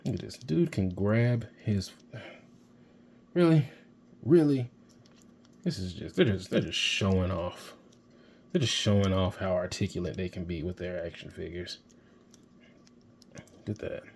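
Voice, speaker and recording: Low-voiced excited man reviewing toys. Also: unhurried, vocal fry, long pauses, slight background noise. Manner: excitable, rambling, geeking out. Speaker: toy reviewer. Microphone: handheld camera mic.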